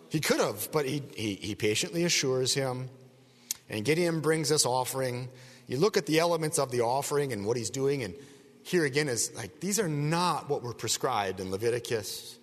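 A man's voice: medium pitch, animated, normal speed, big-room sound. A man giving a verse-by-verse Bible teaching, talking conversationally and digressively, often checking in with the listeners with rhetorical asides.

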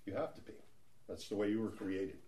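A man's voice: lowish voice, little pitch movement, a little fast, mellow. A middle-aged man leading a church Bible study in a conversational teaching style, chatty and prone to restarts. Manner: chatty, with frequent restarts and asides.

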